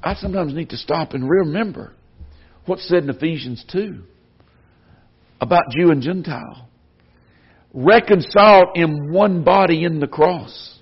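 A man preaching a sermon to a congregation, speaking earnestly and growing louder when he quotes scripture. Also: fairly high pitch, a little slow, long pauses, slightly rough. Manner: earnest, rising in volume when quoting scripture. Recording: dull lo-fi sound.

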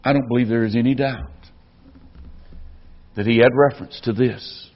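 A man preaching a sermon to a congregation, speaking earnestly and growing louder when he quotes scripture. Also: mid-range voice, fairly even intonation, normal speed. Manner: earnest, rising in volume when quoting scripture. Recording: dull lo-fi sound.

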